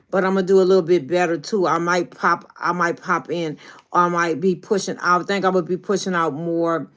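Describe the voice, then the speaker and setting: Give me a middle-aged woman with a lowish voice, preaching folksy encouragement on a livestream. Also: a bit bright. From New Orleans. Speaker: YouTube coach. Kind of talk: casual livestream talk.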